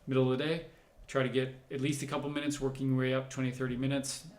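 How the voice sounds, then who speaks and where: A man's voice: mid-range voice, little pitch movement, fast, echoey room. A man, a doctor, hosting a livestream Q&A, reading out viewer comments and answering them in a conversational, explanatory way. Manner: conversational, explanatory, thinks aloud while answering.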